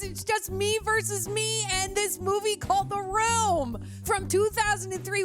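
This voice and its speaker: A woman hosting a casual movie reaction, chatty, bubbly and excitable. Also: extremely high pitch. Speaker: host.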